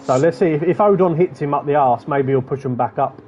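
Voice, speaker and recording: A man's voice: on the high side, brisk, highs cut off, very noisy. A man giving chatty commentary on an online racing event, rattling off positions and gaps. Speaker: race commentator.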